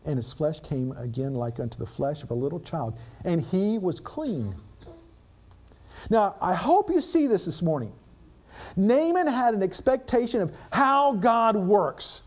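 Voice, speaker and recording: A male preacher with a high voice that swoops up and down through his sermon. He reads old scripture aloud, then drops into plain, dramatic commentary, tossing rhetorical questions at his listeners. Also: darkish tone.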